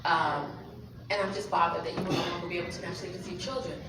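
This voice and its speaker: A woman voicing a tearful female head nurse in a hushed, low, gentle tone during a stand-up set. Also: rapid-fire, background noise, lightly acted. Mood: sorrowful. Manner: soft, low, hushed delivery. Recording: echoey club from far off, loud crowd.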